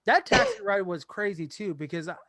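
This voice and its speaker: A young man hosting a podcast, telling a story in casual chat with animated delivery and plenty of swearing. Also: high voice, fairly quick, dry recording. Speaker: podcast host.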